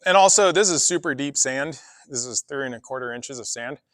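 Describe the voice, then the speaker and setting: A man training a horse in an arena, talking through his work in a relaxed, chatty way and coaxing the horse now and then. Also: medium pitch, fairly quick, dry recording, studio quality. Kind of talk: casual spoken explanation while working a horse. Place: outdoor horse arena with deep sand.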